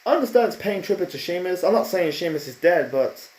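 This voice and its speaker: A man's voice: high-pitched, expressive, quick pace, darkish tone. A man giving a casual spoken review, rambling and opinionated with lots of fillers and restarts. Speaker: wrestling show reviewer. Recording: echoey room.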